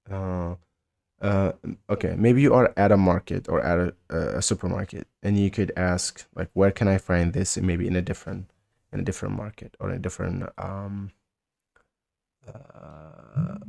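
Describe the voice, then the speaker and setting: A man with a Mauritanian accent giving a casual spoken language lesson, often halting and repeating words and phrases slowly for learners. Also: low voice, creaky, a little mellow. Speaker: language teacher.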